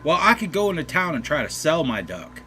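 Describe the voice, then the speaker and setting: A man voicing a scheming little boy who bargains with threats, raised high over his own voice. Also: sing-song, a little fast, pushed and bright, faint music behind. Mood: cheeky. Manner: pleading, then bargaining with threats.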